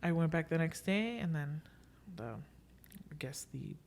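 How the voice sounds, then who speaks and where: A young woman hosting a podcast tells a story in casual, lively chat, acting out what people said and slipping in Spanish filler phrases. Her low voice has vocal fry, and she speaks a little slowly.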